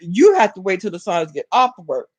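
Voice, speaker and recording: Southern woman vlogger, sassy live-chat gossip, laughs a lot, mid-pitched. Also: huge pitch swings, a little fast. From Alabama. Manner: sassy, talks straight to chat, laughs often. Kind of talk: casual live-stream gossip.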